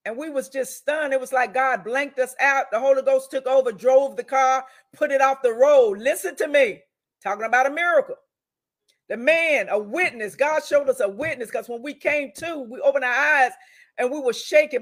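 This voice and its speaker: A woman's voice: on the high side, a bit bright. A woman hosting an inspirational broadcast in a preaching style, emphatic and repetitive, calling out to her listeners. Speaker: host and prayer leader.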